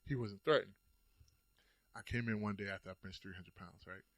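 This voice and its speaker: A man chatting casually as a podcast guest, telling stories with lively energy and acting out the quotes. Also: fairly low pitch, brisk, no room sound. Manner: animated storytelling, acts out quotes. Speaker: guest storyteller.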